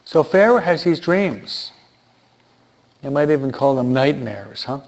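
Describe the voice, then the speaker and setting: A man's voice: mid-range voice, animated, a little slow, darkish tone. A man giving informal Bible teaching who asks his listeners rhetorical questions and repeats key points for emphasis. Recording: dull lo-fi recording.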